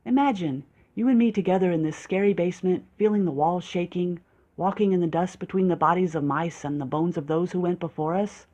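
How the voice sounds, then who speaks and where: An audiobook reader voicing an excitable, morbidly romantic young woman who gushes with breathless enthusiasm. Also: mid-range voice, fairly quick, dull audio, close to an everyday voice. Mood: gushing. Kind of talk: audiobook character voice.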